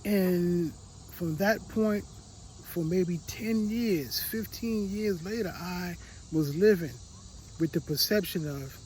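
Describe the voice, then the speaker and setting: A man giving a motivational talk, telling a personal story with emotion, repeating words and dropping to a quiet voice. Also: a little high, a little hiss or hum, low-quality recording. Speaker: motivational speaker.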